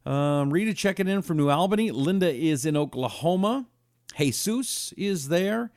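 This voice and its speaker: Animated talk-show host, fairly high voice. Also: male voice, normal speed, dry recording, studio quality. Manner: animated, emphatic, reads viewer comments aloud. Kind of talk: live-streamed talk show with ad read.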